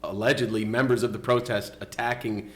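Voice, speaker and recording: A man's voice: lowish voice, flat delivery, a little fast, poor audio. A man co-hosting a podcast, chatting casually and sarcastically with frequent restarts. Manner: sarcastic, joking, rambling with restarts. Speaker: podcast co-host. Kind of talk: casual political chat.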